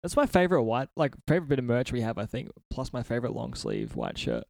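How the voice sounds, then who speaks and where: A man chats as a podcast host, swearing freely and laughing between rambling anecdotes. His voice sits at a middling pitch, and the sound is dry with no room echo. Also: wildly swooping pitch, fast talker, creaky, darkish tone. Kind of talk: casual podcast chat. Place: a friend's house.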